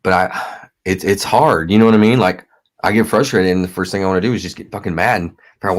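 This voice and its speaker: A man in his thirties in recovery, a guest talking candidly, halting and repeating words and swearing freely. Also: lowish voice. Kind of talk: candid conversation.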